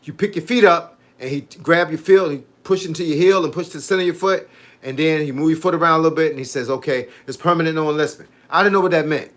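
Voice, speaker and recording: A lively man in his fifties chats on a fitness livestream, telling stories with plenty of energy. His voice sits a touch higher than most men's. He talks loosely and casually, like he's talking to friends. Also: fast. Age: 50s. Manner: animated, storytelling, reading out viewer comments. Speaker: fitness coach.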